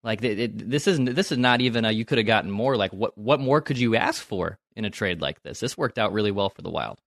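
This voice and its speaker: A man's voice: on the low side, lively intonation, fairly quick, vocal fry, a bit bright, dry recording, clean studio sound. A man co-hosting a sports podcast in rambling casual chat. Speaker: co-host.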